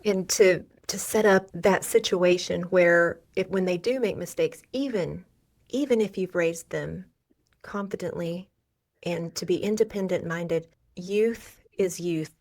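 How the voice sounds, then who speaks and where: A middle-aged woman hosting a podcast, who affirms her guest and agrees warmly. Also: lowish voice, a little slow. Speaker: podcast host. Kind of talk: podcast interview conversation.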